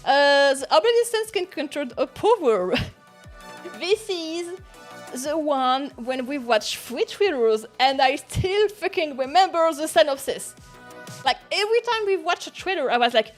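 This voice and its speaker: A young woman streams in easy, casual chat, her English that of a non-native speaker. Her voice sits high, and she breaks into giggles and restarts her sentences often. Faint music plays quietly behind her. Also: sing-song, normal speed. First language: not English. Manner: giggly, chatty, frequent laughs and restarts.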